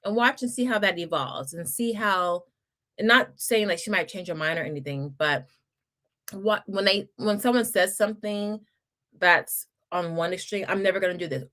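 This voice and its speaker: Her voice is mid-range and fairly bright, at normal speed. A middle-aged woman running a homeschool livestream, she goes through viewer comments with a Southern-style address, laughing, restarting and giving warm, chatty advice.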